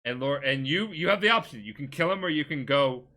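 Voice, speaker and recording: A man's voice: a little high, animated, a little fast, bright, forceful tone. A tipsy man rambling through a game plot on a casual podcast, full of filler words and restarts. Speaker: podcast co-host.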